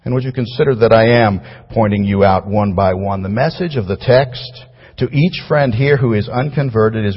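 A man preaching a sermon to a large crowd, earnest and pleading, rising to loud emphatic cries and falling to low tones. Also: moderate pace, breathy edge. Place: large hall before a crowd. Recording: dull recording with long hall reverb.

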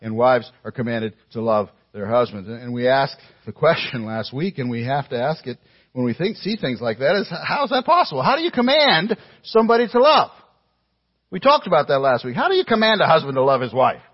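Husky, animated male preacher. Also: mid-range voice, a little fast, muffled recording. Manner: emphatic, with pointed rhetorical questions; addresses the congregation directly. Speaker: pastor. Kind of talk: sermon.

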